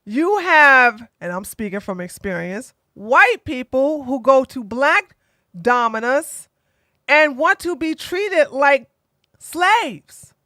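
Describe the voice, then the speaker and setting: A woman with a high voice delivers blunt, opinionated online commentary, animated and quick to slip into mocking impressions. Her voice is recorded close and dry, with no room sound around it. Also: no echo.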